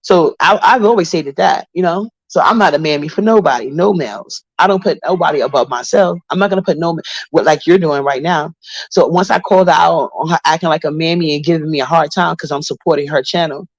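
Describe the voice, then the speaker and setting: This Brooklyn livestream host talks at a fast clip in a deep voice, greeting viewers by name from her apartment while she tells profane, blunt gossip. There's no room sound on the recording.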